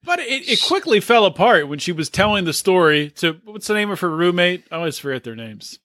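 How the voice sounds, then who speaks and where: A man's voice: sits high, sing-song, brisk, bright, forceful tone. A man co-hosting a podcast, retelling scenes and quoting people in a casual chat. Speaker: podcast co-host.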